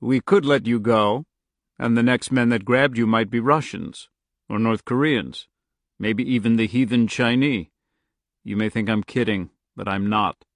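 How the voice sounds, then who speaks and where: A man playing a soft-spoken, menacing agent. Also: medium pitch, no echo, clean studio sound, close to an everyday voice. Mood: calm menace. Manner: soft, quiet, unhurried.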